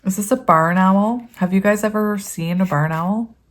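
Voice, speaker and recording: A woman's voice: mid-range voice, normal speed. A woman giving a casual tarot reading to her viewers, chatty and rambling, often laughing and reading card meanings aloud. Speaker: tarot reader.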